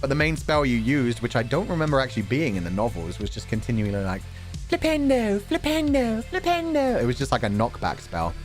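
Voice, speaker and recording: A man's voice: mid-range voice, quick pace, hardly any pauses, faint music behind. A man streamer in a casual chat, reading out donation messages, playful with words and swearing casually.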